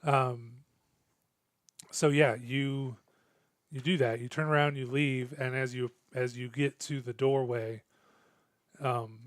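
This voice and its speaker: Flat-voiced male game master, halting. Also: medium pitch, no echo, clean studio sound. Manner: halting, many fillers and restarts. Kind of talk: narrating a tabletop game.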